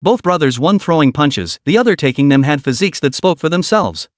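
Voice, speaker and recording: A man narrating a story recap, his fairly high voice rising and falling in lively swings as the tale moves on. The recording is close and completely dry, with no room sound at all. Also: brisk, dry recording.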